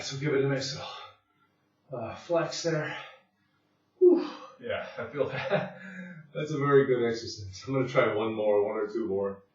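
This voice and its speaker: A man demonstrating push-ups at home, talking casually and catching his breath between sets. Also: medium pitch. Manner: breathless, puffing between sets, many fillers. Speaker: fitness instructor. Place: home room. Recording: very echoey room, distant mic, dull sound.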